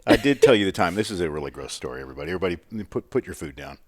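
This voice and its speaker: A man's voice: low voice, very animated, rapid-fire, no echo. A man co-hosting a comedy podcast in casual chat, goofy and joking, laughing often at his own bits. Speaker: podcast co-host.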